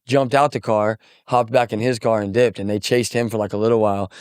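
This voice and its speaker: A man's voice: lowish voice, fairly even intonation, a little fast, clean tone, no room sound, clean studio sound. A young man from Missouri, a musician guest, telling a story casually and acting out quotes with lots of swearing.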